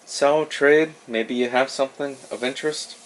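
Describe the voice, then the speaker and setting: A man's voice: mid-range voice, fairly even intonation, normal speed, a little hiss or hum, rough recording. A man playing a tabletop game, talking casually in character. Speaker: player. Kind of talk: tabletop game role-play.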